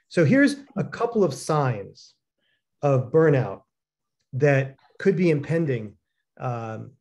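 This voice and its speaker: A man co-hosting a casual talk, telling stories with lots of fillers and acting out the people he quotes. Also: medium pitch. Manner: animated storyteller, acts out quoted dialogue, many fillers.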